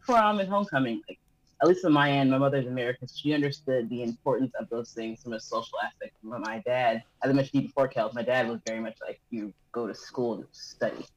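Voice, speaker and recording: Soft-spoken man in a group talk. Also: mid-range voice, quick pace, no room sound, poor audio. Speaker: discussion participant. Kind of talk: casual group discussion.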